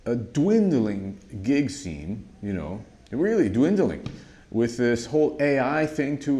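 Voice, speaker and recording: Brief: man, drum teacher, lower voice, animated storytelling with frequent restarts. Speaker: drum instructor. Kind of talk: casual storytelling monologue.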